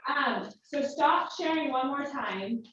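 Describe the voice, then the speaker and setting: A woman's voice: sits high, animated, slow, fairly bright tone, a little hiss or hum. A woman on a video call patiently walking someone through screen-sharing settings step by step. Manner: patient step-by-step instructions with fillers. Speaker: tech helper on call. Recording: echoey, distant lo-fi call audio.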